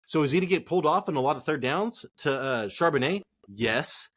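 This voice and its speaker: A man's voice: fairly high pitch, animated, fairly quick, a bit bright. A man co-hosting a fantasy football show, ranting casually with heated swearing. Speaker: fantasy football podcast co-host. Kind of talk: casual profane rant.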